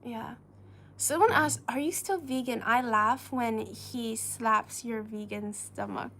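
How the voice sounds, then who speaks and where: A woman with a fairly high voice hosts a casual chat, asking a steady run of curious questions and laughing often. Faint room noise sits under her voice. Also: takes it slowly. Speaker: host.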